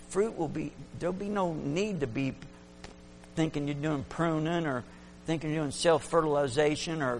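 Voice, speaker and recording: A man preaching a fervent sermon, swinging between loud exclamations and hushed asides. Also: on the high side, gravelly, slight background noise.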